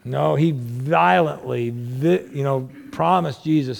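A pastor delivers a sermon in a conversational way, peppering the congregation with rhetorical questions. He swings between emphatic, raised passages and low, quiet asides, his creaky voice a little slow and hardly pausing.

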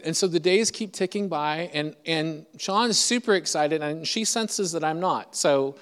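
A man's voice: a little high, animated, normal speed, few pauses, clear, resonant tone. A middle-aged man preaching in a chatty, self-deprecating, humorous storytelling style. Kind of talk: storytelling sermon. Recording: echoey hall reverb.

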